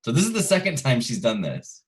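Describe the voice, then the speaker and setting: A man co-hosting a casual podcast chat, lively and acting things out. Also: medium pitch, fairly quick, breathy edge. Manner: animated, acts out scenes. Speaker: podcast co-host. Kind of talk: casual chat recapping a soap opera.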